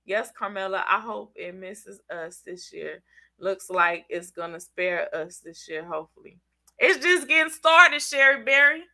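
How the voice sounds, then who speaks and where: Bright, chatty Southern woman. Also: mid-range voice, animated, unhurried. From Southern United States. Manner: chatty, slangy, teasing viewers by name. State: congested. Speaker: channel host reading live chat. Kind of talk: casual live-stream chat.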